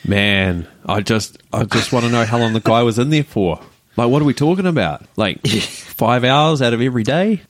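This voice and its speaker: A man's voice: medium pitch, moderate pace, no echo. A man co-hosting a casual podcast, joking around and asking playful questions. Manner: jokey, asks playful questions. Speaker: podcast co-host. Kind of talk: casual chat.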